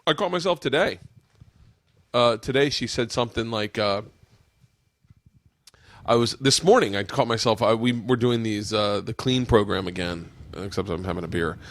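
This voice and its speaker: A man's voice: on the low side, normal speed, long pauses. A man in his forties hosting a podcast, telling stories in a rambling, profane way and acting out what others said. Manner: rambling, profane storytelling with acted-out quotes. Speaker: podcast host. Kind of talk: casual podcast chat. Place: home studio room.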